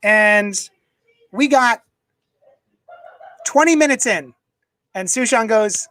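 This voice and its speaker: A man's voice: high-pitched, takes it slowly, pauses often, fairly bright tone, dry recording, poor audio. A man casually chatting on a live stream from his home desk, rambling and reading viewer comments aloud into a desk microphone. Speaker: comics unboxing streamer.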